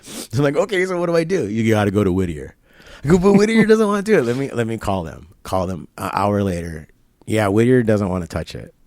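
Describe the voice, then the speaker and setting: In a barber shop, a man being interviewed tells a long story casually, acting out both ends of phone calls with quoted dialogue and laughter. His voice is lowish, expressive, slightly fast and a bit mellow, and the recording is dry.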